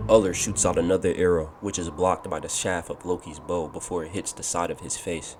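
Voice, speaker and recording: A man reading a scripted fan-fiction story, calling out the action beat by beat in steady narration. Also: low-pitched, fairly quick, few pauses. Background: background music.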